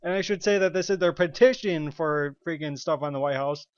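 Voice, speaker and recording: A man's voice: a little high, brisk, smooth. A man ranting as a commentary vlogger, swearing constantly and laughing between remarks. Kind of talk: angry profane rant. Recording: dull lo-fi recording.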